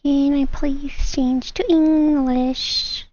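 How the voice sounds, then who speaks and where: A woman streamer chatting casually with her live chat, giggly and excitable. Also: high-pitched, drawn-out words, highs cut off.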